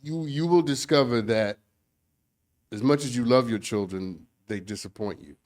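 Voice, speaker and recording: Measured, earnest male co-host. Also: mid-range voice, darkish tone. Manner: measured, earnest, slows to stress points. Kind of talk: casual chat.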